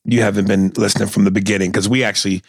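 Gravelly podcast host, reading and riffing. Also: male voice, on the low side, very fast, no room sound. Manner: animated, laughs often, stammers when excited. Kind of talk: casual chat.

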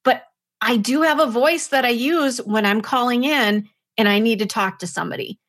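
A woman co-hosting a podcast in casual chat, speaking with a measured, polished radio delivery. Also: a little high, fairly bright tone. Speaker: podcast co-host with radio background.

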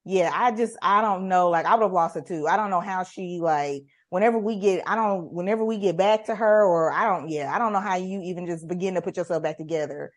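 A woman's voice: on the low side, brisk, few pauses. A woman co-hosting a casual chat, talking in an emphatic, opinionated way and acting out what others might say. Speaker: podcast co-host.

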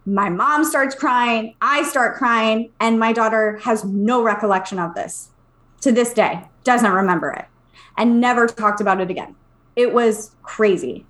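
Podcast co-host, woman, 30s, slightly high voice, animated casual storyteller. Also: unhurried. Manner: animated, acts out quoted voices, swears casually.

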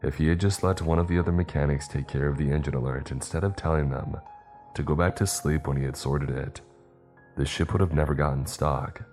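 A man narrating a scripted horror story in the first person, in a steady, even storytelling way. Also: very deep voice, fairly quick, soft background music.

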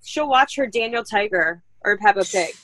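Bright, gushing woman in a dry recording. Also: mid-range voice, lively intonation, moderate pace, no room sound, poor audio. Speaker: podcast co-host. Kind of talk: casual chat over video call.

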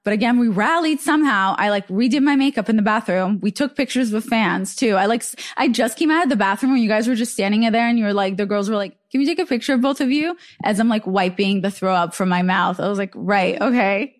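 A woman's voice: mid-range voice, fast talker, few pauses. A young woman hosting a casual chat, telling a long story full of "like" fillers. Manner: chatty storytelling, many "like" fillers. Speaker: podcast host.

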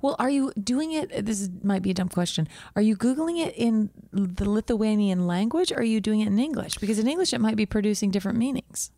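Woman, chatty and gossipy, excitable, mid pitch, dry close sound. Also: fast, hardly any pauses, no room sound. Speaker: podcast co-host. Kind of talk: improvised comedy chat.

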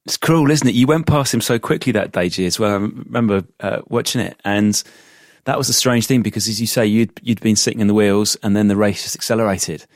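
A man's voice: on the low side, fairly quick, no echo, clean studio sound. A man co-hosting a casual podcast, asking questions and recalling races. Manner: asks questions and recalls moments. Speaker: co-host.

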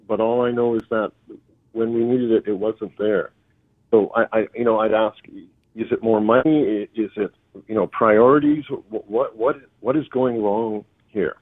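A man speaking as a guest by phone, halting and stammering as he talks earnestly. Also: lowish voice, no echo. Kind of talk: phone interview. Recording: tinny phone line.

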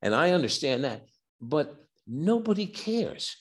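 An older man with a fairly high voice and a measured pace, a physician and author, tells personal stories as a podcast guest. He's an animated storyteller who acts out dialogue and keeps restarting his words, in candid interview fashion.

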